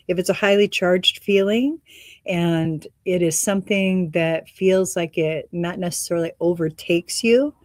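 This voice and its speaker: A woman's voice: on the low side, darkish tone, no echo, clean studio sound. A woman hosting a spiritual meditation talk, meandering and reflective with frequent laughs, slightly out of breath. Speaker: meditation and energy reading host.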